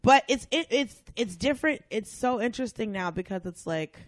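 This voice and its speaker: A woman guest on a podcast, chatting casually and acting out the people in her stories in loud, lively voices. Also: on the high side, normal speed, dry recording, clean studio sound. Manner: animated storyteller, acts out quotes loudly. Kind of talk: casual chat.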